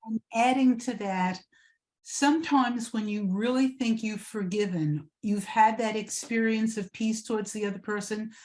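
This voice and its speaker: A woman on a webinar panel, giving gentle, reflective spiritual advice. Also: on the high side, moderate pace. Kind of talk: spiritual teaching discussion.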